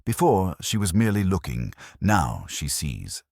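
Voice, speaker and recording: A man voicing a fussy, precise older detective who talks in a pompous, gently reproachful way. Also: low voice, huge pitch swings, unhurried, creaky, no room sound, clean studio sound, full character voice. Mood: lecturing.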